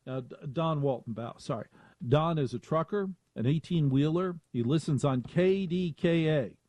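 A man hosting a radio talk show, rambling and self-mocking, with animated asides, in a studio. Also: mid-range voice, no echo.

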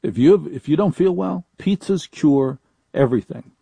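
Chatty radio host with a mellow, dry voice. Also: male voice, on the high side, expressive, moderate pace, creaky, breathy edge, no echo. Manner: chatty, wry, repeats phone numbers. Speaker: radio talk show host. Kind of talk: live call-in radio talk. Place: home studio in a laundry room.

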